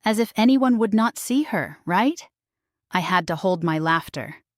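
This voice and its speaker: A woman narrating a first-person romance novel in a steady, expressive reading voice. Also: lowish voice, measured pace, dry recording, studio quality. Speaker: audiobook narrator.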